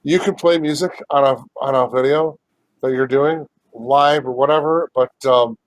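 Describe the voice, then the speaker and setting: A man's voice: mid-range voice, moderate pace, dry recording. Laid-back profane man on a call. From United States. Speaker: podcast co-host. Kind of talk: casual chat. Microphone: video call.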